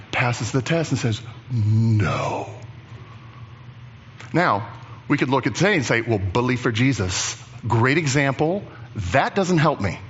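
A man preaching a sermon as pastor, animated and chatty, acting out the voices of Bible figures. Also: a little high, highs cut off, a little hiss or hum.

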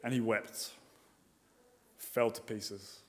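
A man preaching a sermon, moving between emphatic and quiet passages and asking rhetorical questions. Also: fairly low pitch, little pitch movement, slow pace. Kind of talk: expository sermon.

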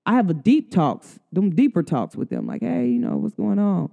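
A woman's voice: mid-range voice, sing-song, moderate pace, vocal fry, dark tone. A woman hosting a podcast, speaking in casual, earnest slang about love and friendship, with many fillers. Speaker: podcast host. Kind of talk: casual spiritual talk.

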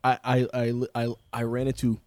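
A young man co-hosting a comedy podcast, telling loud, animated stories with lots of swearing and laughter. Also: mid-range voice, moderate pace, no room sound, studio quality. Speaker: podcast co-host. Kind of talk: casual comedic banter.

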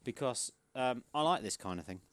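A man's voice: mid-range voice, expressive, fairly quick, a bit bright, no echo. A man co-hosting a casual podcast, reading out silly quiz answers and laughing often. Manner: laughs often, reads quiz lines with mock host and contestant voices. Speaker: podcast co-host.

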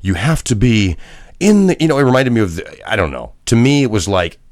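A man's voice: on the low side, big pitch swings, fairly quick, a little mellow, no room sound, studio quality. A middle-aged man and former broadcaster, co-hosting a podcast in casual chat with blunt, profane rants. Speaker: podcast co-host.

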